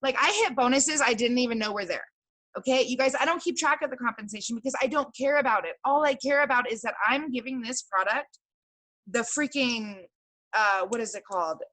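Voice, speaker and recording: Young woman, chatty storyteller, bright higher voice. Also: fairly quick, rough recording. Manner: excitable, chatty, acts out both sides of conversations. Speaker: guest sharing sales story. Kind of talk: casual storytelling to a team call.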